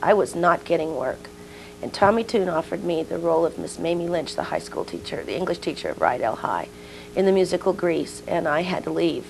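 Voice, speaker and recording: A woman's voice: on the low side, sing-song, brisk, creaky, a little mellow, a little hiss or hum, rough recording. A woman in her sixties, a guest in an interview, telling personal stories and acting out the dialogue. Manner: storytelling, acts out quoted dialogue. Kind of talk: casual interview chat.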